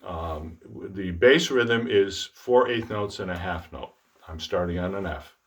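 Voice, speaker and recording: A middle-aged man with a fairly low voice gives a trombone lesson. He talks in an easygoing, self-deprecating way and breaks off to voice tonguing syllables as he demonstrates them. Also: measured pace. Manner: relaxed, self-deprecating, speaks out articulation syllables. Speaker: trombone teacher. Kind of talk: instructional demonstration.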